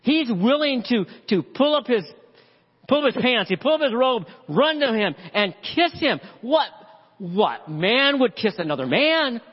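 Man, pastor, high lively preaching voice, dull lo-fi sound, long hall echo. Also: a little slow, slightly rough. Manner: animated preaching, acts out the father's voice. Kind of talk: sermon.

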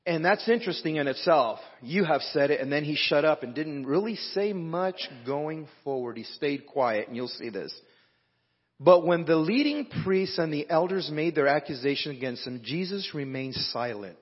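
A man's voice: on the high side, lively intonation, moderate pace, breathy edge. A man preaching a sermon to a congregation in a conversational way, breaking off the reading to talk to the room. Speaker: pastor. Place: church hall with live band. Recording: dull lo-fi recording with long hall reverb.

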